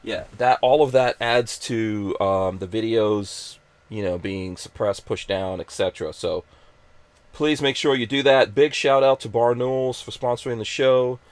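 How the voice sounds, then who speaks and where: A man's voice: medium pitch, a little slow, dry recording. A man hosting a live podcast stream, chatting casually in an upbeat, joking, rambling way. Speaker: podcast host.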